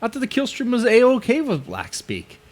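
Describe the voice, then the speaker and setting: A man's voice: very high-pitched, wildly swooping pitch, normal speed. A man hosting a live stream, chatting casually and wryly while reacting to a clip.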